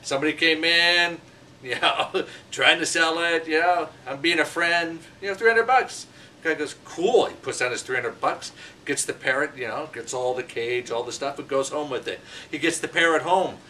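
Middle-aged male host, rambling joke teller, bright tone, recorded from a distance. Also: fairly high pitch, moderate pace, slight background noise. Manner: rambling with many "you know" fillers. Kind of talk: casual joke telling. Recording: voice from far off the mic.

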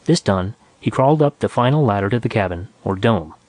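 A man's voice: lowish voice, expressive, fairly quick, darkish tone, dry recording. Man reading a science fiction story. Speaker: narrator. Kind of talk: scripted audiobook narration.

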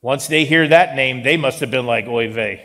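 A male pastor preaching a sermon in an animated style, with joking asides. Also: mid-range voice, normal speed. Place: church sanctuary. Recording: long reverb of a large hall.

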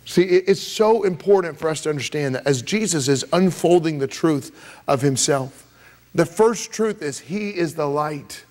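A man preaching a sermon as pastor, emphatic and repetitive, swinging from loud rises to soft drops. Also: fairly high pitch, animated, normal speed. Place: church sanctuary.

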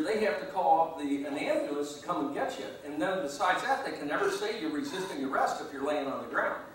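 A man's voice: on the high side, fairly bright tone, a little hiss or hum. A man, a guest speaker at a meeting, telling a long rambling anecdote and chuckling at his own story. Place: meeting hall. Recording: echoey room from far off.

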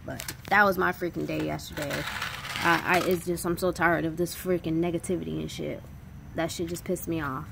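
A woman's voice: low-pitched, level tone, a little fast, gravelly, background noise. A young woman vlogger telling a story in a blunt, frustrated rant full of swearing.

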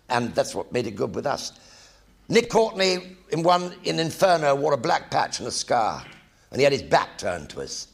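An older English man telling lively anecdotes about his acting career in a one-man stage show, acting out the colleagues he quotes. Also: medium pitch, moderate pace, gravelly, slightly rough. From England.

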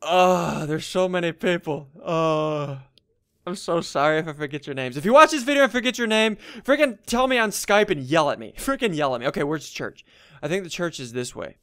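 A young man doing casual gameplay commentary as a gaming YouTuber, muttering to himself and then bursting into excited yells. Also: a little high, a little fast, clear, resonant tone, no echo, clean studio sound. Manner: excitable, swings from muttering to yelling.

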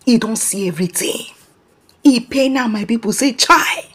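A Nigerian woman giving animated celebrity gossip commentary in a mix of Pidgin and English, often calling out to her people. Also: fairly high pitch, moderate pace. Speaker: gossip vlogger.

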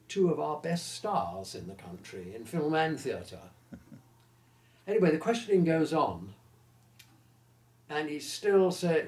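Elderly male raconteur in his eighties, mid-pitched, lively, recorded in a roomy echo. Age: 80s. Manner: lively raconteur who acts out the quoted voices. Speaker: interviewee recalling his career. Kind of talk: anecdotal storytelling.

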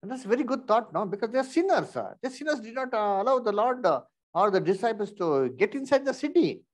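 A man's voice: sits high, sing-song, quick pace. A man teaching an interactive Bible lesson, often asking rhetorical questions and filling with "you see".

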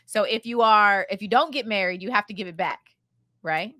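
A woman co-hosting a podcast, asking curious, measured questions in a relaxed chat. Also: medium pitch, no room sound, clean studio sound. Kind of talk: casual podcast interview.

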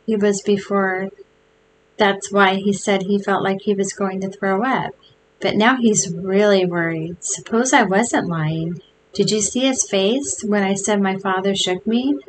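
Joe is a sly storybook schoolboy who talks in a knowing, scheming way, as a woman reads him aloud. He speaks slowly with faint hiss behind. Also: medium pitch, lightly acted. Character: sly schoolboy plotting a prank.

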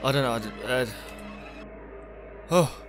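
Speaking at a measured pace in a medium pitch, this gaming YouTuber comments over music while playing a horror game. The young man uses a headset mic, talks to himself, and gets startled easily.

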